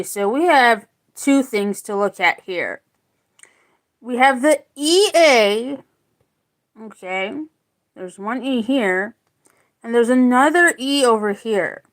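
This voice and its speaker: A woman teaching a spoken phonics lesson, slowly sounding out words and repeating them. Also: medium pitch.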